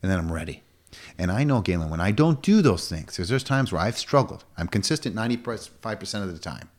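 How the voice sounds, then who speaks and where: Male coach, 40s, very low voice, emphatic and repetitive interview guest. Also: lively intonation. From United States. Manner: emphatic, repetitive, quick swings up to a high pitch. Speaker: fitness coach. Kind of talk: casual interview talk.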